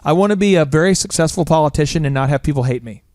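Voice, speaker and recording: A male podcast host in casual business talk, jokey and rambling with quick asides. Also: on the high side, a little mellow, no room sound, clean studio sound. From Oklahoma.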